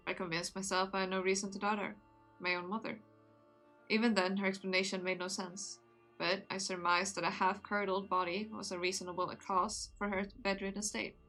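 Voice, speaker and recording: A woman reading aloud the lines of a rueful young nobleman who became a vampire, in a measured, somber way in her own voice. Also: medium pitch, a bit bright, natural voice. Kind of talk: reading a visual novel aloud.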